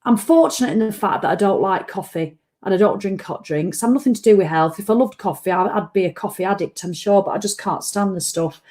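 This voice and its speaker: A woman's voice: medium pitch, a little fast, few pauses, warm tone. A tired woman, ranting bluntly and swearing freely as she hosts a casual live-stream chat. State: tired after a run. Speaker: vlog host.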